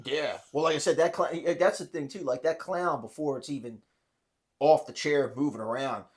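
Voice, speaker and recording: A man co-hosting a podcast in casual chat, easygoing and chiming in with quick jokes and reactions. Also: fairly high pitch. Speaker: podcast co-host.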